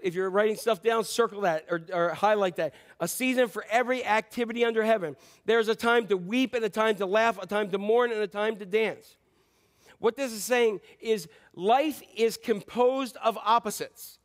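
A pastor preaches at a normal speed in a conversational style, repeating key phrases and saying um often. His delivery swings between loud, emphatic lines and quiet, low asides.

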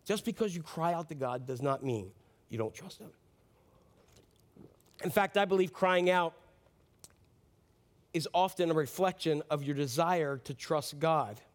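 A pastor with a notably high voice delivers an earnest, impassioned sermon, speaking directly to his congregation and repeatedly posing questions to them. His pace is a little slow, with frequent pauses.

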